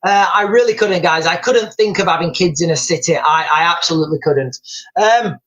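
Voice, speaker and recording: A man's voice: a little high, a little fast, fairly bright tone, dull audio. A middle-aged man hosting a casual live stream, telling rambling stories and calling his viewers guys, with many restarts.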